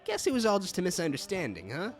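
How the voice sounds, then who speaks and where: A man's voice: high voice, huge pitch swings, quick pace, soft background music, pitched above the performer's own voice, full character voice. A man voicing a small, chirpy female companion sprite in a raised voice. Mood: surprised.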